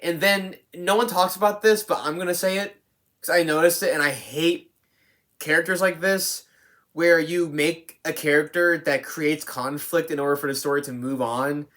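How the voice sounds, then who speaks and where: A film reviewer talks loosely and unscripted in a steady, fairly bright voice of medium pitch, moving at normal speed. Fillers and restarts pile up as he rambles, and he swears without restraint.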